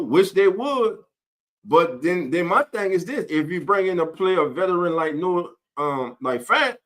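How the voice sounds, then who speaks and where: A man's voice: high-pitched, sharp tone. A man hosting a casual live-stream sports talk show, greeting viewers in chat by name.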